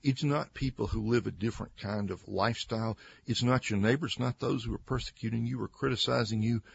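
A man's voice: medium pitch, fairly quick, creaky, lo-fi sound, slight background noise. A man giving conversational Bible teaching as a radio guest, earnest and acting out quoted speakers with emphasis. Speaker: Christian author and radio guest.

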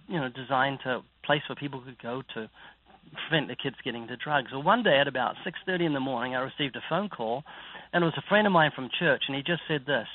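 A man with a New Zealand accent, an evangelist speaking earnestly and preaching in an interview. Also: mid-range voice. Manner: earnest, preacherly, vivid storytelling. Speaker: evangelist guest. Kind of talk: interview about faith. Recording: dry phone-like line.

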